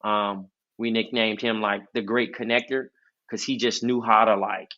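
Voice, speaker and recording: Podcast co-host, male, nasal and bright-toned, casual storyteller, dull recording. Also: lowish voice, flat delivery, normal speed. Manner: loose, rambling storytelling with many fillers.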